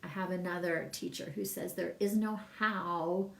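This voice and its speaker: Chatty woman with a gravelly voice. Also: lowish voice, steady tone, moderate pace, a bit bright, roomy sound, distant mic. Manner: chatty, rambling, laughs often, reads viewer comments. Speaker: massage business coach. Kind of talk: casual livestream talk.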